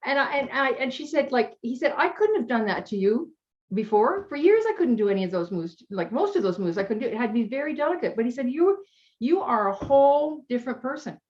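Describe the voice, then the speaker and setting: Female coach, interview guest; warm storytelling, emotional, slightly dull recording. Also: on the high side, big pitch swings, quick pace. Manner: chatty, emotional, gets teary. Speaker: health coach.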